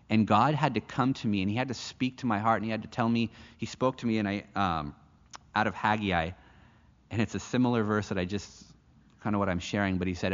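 A man's voice: low voice, fairly even intonation, brisk. A man from the United States preaching a sermon, telling a personal story in an earnest way and often restarting his phrases. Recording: echoey hall, dull lo-fi sound.

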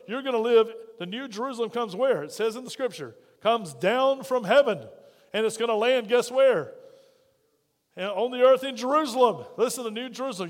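A middle-aged pastor preaches with fervor, throwing questions out to his church. His voice sits high for a man, and a long reverb hangs in the hall around him. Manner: fervent, calls out questions to the congregation. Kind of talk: sermon.

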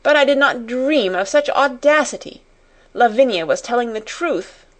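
A woman's voice: medium pitch, animated, a little fast, lightly acted. A woman voicing a furious, strict middle-aged headmistress who scolds sharply.

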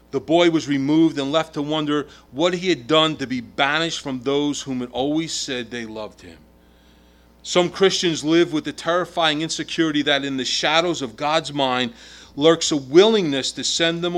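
A man's voice: mid-range voice, fairly bright tone. A middle-aged man preaching a sermon in an emphatic way, his volume rising and falling. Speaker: pastor.

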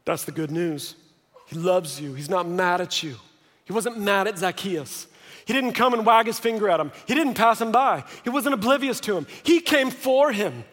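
Thirties male pastor, bright high voice, lively sermon storytelling with jokes, big echoing hall. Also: normal speed. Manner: lively storytelling with joking asides. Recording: long reverb of a large hall.

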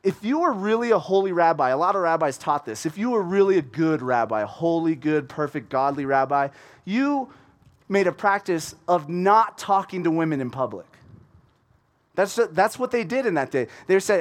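A man from the United States preaching a conversational sermon in an animated way, acting out the people in his story. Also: a little high, normal speed.

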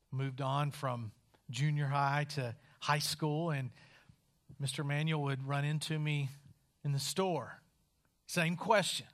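A man from West Virginia preaching a sermon in a wry, conversational storytelling style with dramatic pauses. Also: on the high side, a bit bright.

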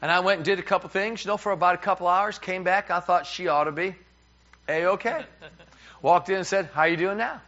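Middle-aged New preacher, man; lively storyteller who acts out both sides of a conversation, slightly dull recording. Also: high-pitched, fairly quick. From New York. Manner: animated, repeats words, acts out dialogue. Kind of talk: humorous sermon storytelling. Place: church.

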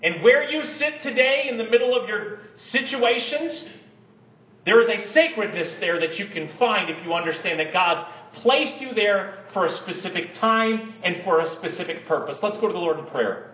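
High-voiced man preaching a sermon. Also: animated, normal speed. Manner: reads scripture aloud and calls out to the congregation. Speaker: pastor. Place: church. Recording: echoey, dull-sounding church recording.

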